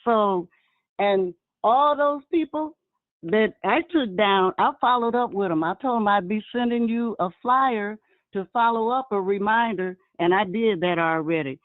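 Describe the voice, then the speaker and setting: A woman excitedly telling stories about her vending, speaking in a casual chat and addressing listeners as y'all. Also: mid-range voice, a little slow, no echo. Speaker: guest vendor sharing her experience. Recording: tinny phone line.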